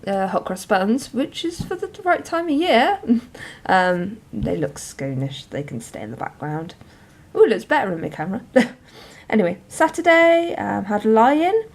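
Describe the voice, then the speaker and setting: A woman chatting casually to camera about her week, with frequent laughs and ums. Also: on the high side. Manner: chatty, giggly, many ums. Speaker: journal vlogger.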